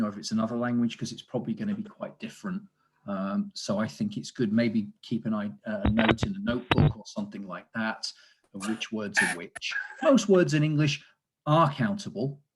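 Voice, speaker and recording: A man's voice: fairly low pitch, husky. A man, a teacher trainer, explaining grammar in an online lesson over a video call, with frequent fillers and asides about the chat.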